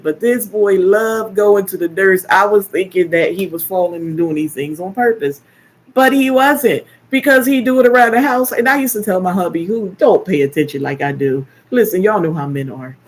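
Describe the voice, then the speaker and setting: An older woman hosting a casual live stream, chatting and telling animated stories with playful teasing. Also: medium pitch, moderate pace, a little hiss or hum. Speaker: live stream host, caregiver. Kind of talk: casual chat.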